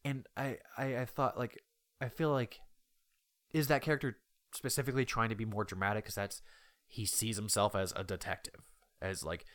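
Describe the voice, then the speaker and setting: A man's voice: fairly low pitch, steady tone, normal speed, fairly bright tone. A man in casual conversation about movies, rambling and hesitant with many restarts.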